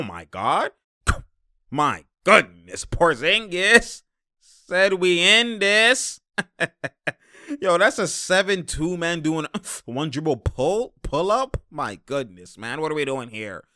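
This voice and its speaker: A young man giving a casual basketball breakdown over game highlights. He is excitable, laughs often and keeps repeating his catchphrases. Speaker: basketball commentator.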